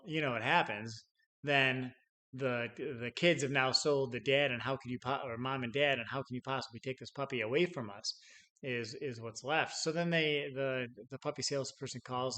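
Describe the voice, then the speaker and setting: His mid-range voice has a slight brightness as this middle-aged sales trainer talks off the cuff. He acts out quotes in his stories, laughs softly, and frequently starts his phrases over, repeating words along the way.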